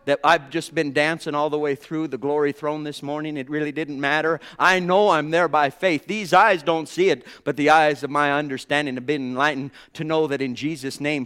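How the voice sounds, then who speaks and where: A man preaching a sermon with fervor, swinging between hushed tones and ringing exclamations and calling his listeners brothers and sisters. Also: on the high side, clear, resonant tone. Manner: addresses the congregation as brothers and sisters.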